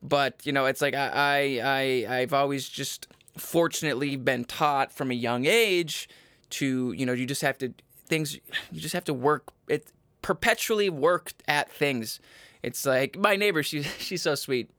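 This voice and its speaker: A man's voice: unhurried, a bit bright, no echo. Brash, profane man ranting advice. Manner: profane, mock-motivational rants with sudden squeaky jabs. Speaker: podcast host. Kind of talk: comedic advice monologue.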